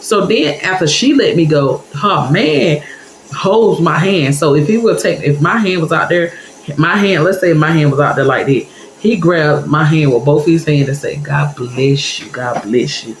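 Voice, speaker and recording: Casual storyteller, woman, animated and talkative; echoey room, faint hiss in the background. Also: low voice, moderate pace. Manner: animated, chatty, addresses viewers directly.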